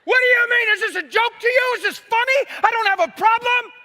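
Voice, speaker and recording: A man's voice: sits high, steady tone, extremely slow, pushed and bright, breathy edge, pitched above the performer's own voice, full character voice. A man preacher acting out a desperate betrayed husband screaming at God. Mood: furious. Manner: screaming, frantic.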